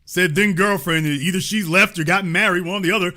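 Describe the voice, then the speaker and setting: A man hosts a commentary show, reading news items aloud and stopping to push back with blunt remarks. His voice sits high and bright, and he drives his points with repetition and pointed rhetorical questions. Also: fairly even intonation, quick pace.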